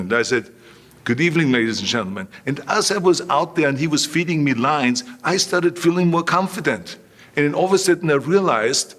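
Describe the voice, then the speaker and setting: A man's voice: a little high, a bit bright. An older man, an interview guest who tells stories emphatically, often repeats himself and acts out dialogue. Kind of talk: anecdotal storytelling in an interview.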